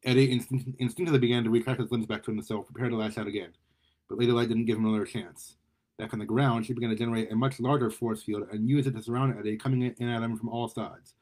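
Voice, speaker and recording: A man reading a superhero story aloud in a lively way, often stumbling and repeating words. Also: medium pitch, quick pace. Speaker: story reader.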